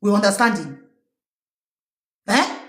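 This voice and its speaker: A woman's voice: mid-range voice, animated, takes it slowly, roomy sound. A woman with a Cameroonian Pidgin English accent, hosting a livestream of casual political commentary and firing rhetorical questions at her listeners. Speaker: livestream host.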